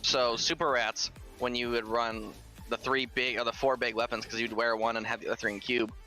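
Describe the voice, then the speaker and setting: A man's voice: mid-range voice, level tone, brisk, pushed and bright, faint music behind. A man chatting casually in gaming voice chat, blunt and joking, swearing offhand.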